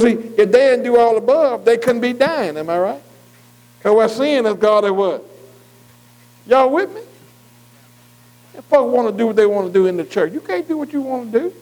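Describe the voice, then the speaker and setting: High-voiced preacher asking for agreement. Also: male voice, a little mellow, poor audio. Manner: repeatedly asks "am I right?"; reads scripture slowly and deliberately. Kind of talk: sermon with call-and-response.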